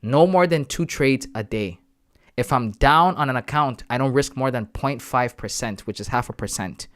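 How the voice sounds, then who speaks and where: A young man, chatting casually on a trading livestream, laid-back and slangy, reading out comments and breaking into loud shout-outs. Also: medium pitch, moderate pace, no echo, clean studio sound. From Canada. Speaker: live-streaming forex trader.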